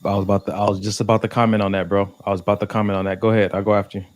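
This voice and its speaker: Man, podcast co-host, fast pace, lower voice, emphatic. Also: level tone. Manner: heartfelt, emphatic. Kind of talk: casual chat.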